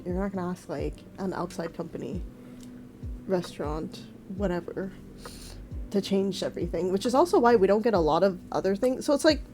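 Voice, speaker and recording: A woman's voice: medium pitch, warm tone, a little hiss or hum. A woman from Quebec, chatting casually as a streamer, ranting with lots of swearing and fillers. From Quebec, Canada. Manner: ranting, profane, many fillers. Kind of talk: casual chat.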